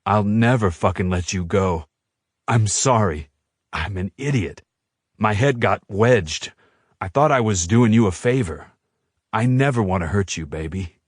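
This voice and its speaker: A man reading an audiobook who voices a fierce, protective young shifter man, low and earnest. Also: expressive, a little slow, no room sound, studio quality.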